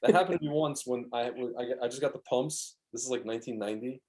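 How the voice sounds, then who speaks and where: A man's voice: medium pitch, quick pace, darkish tone. A man co-hosting a podcast, rambling through stories in casual chat and acting out the quotes. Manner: rambling storyteller, acts out quotes. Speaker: podcast co-host.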